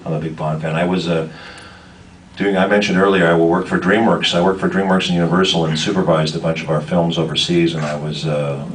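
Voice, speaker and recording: A low-voiced man spins loose anecdotes for a fan panel, stopping and restarting as he goes. He sits far from the mic, with steady noise in the room around him. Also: a little fast. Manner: rambling, many fillers and restarts, laughing asides. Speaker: voice actor, convention panelist. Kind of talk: anecdotal storytelling to fans. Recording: distant, noisy convention room.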